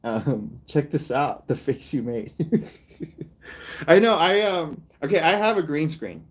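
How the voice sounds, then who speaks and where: A male artist and comedian in casual livestream chat, rambling and mocking, with frequent laughs. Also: medium pitch.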